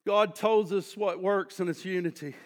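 A male pastor preaching a sermon, telling stories full of restarts and quoted voices, swinging from hushed tones to impassioned shouting. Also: high-pitched, fairly even intonation, normal speed.

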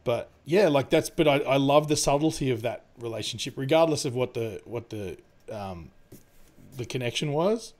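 A man's voice: mid-range voice, animated, normal speed, a little mellow. A young adult man chatting casually about a film, rambling with lots of fillers, laughing often and swearing freely. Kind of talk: casual movie review chat.

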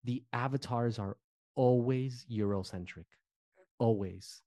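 A man from New Jersey in his thirties, a former pastor co-hosting a podcast in animated casual talk. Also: medium pitch, takes it slowly, no echo. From Newark, New Jersey. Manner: animated, conversational, fillers like "you know".

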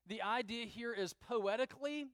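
With a very high-pitched, fairly bright voice at a moderate pace and no room sound, a middle-aged pastor preaches earnestly. Key phrases return again and again for emphasis, and he acts out prayers in dramatic quoted voices.

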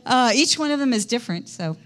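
A woman's voice: a little high, animated, quick pace, fairly bright tone. A middle-aged woman pastor preaching a conversational sermon in a church, quizzing the congregation as she goes.

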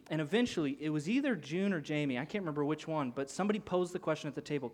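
A man preaching, telling a personal story and acting out the people in it with lively swings of voice. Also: on the high side, very fast, hardly any pauses. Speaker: pastor. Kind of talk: sermon story.

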